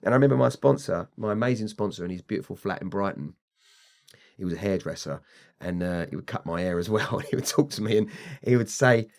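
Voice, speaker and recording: A middle-aged British man talking candidly as a podcast guest, frank and animated, acting out the voices of people he quotes. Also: fairly low pitch, fast talker, vocal fry. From Britain.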